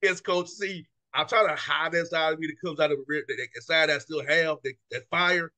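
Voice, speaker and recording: A man's voice: on the high side, steady tone, brisk, sharp tone. A man hosting a casual interview show, loose and chatty, laughing easily between his words. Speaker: show host.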